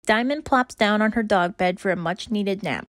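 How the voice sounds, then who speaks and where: A woman reading aloud children's stories in a bright, expressive, rhythmic way. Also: mid-range voice, normal speed, dry recording, studio quality. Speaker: children's story reader. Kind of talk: read-aloud storytelling.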